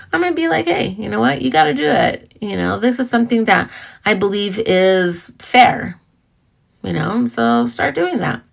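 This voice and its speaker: A woman's voice: medium pitch, a bit bright. A middle-aged woman hosting a casual talk on emotional healing, earnest and conversational, with personal stories and asides. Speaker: podcast host.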